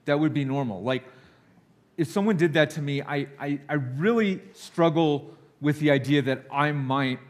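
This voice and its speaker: A man's voice: a little high, moderate pace. Nervous man giving a candid sermon. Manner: candid, confessional, acts out quoted voices. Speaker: guest speaker. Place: church sanctuary.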